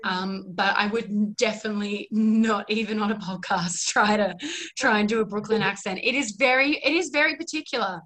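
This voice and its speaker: A woman's voice: medium pitch, moderate pace, fairly bright tone. A woman actor chatting on a podcast, enthusiastic and full of "like" and laughter, who says she practises an American accent. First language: not American, works on an American accent. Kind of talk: casual podcast chat.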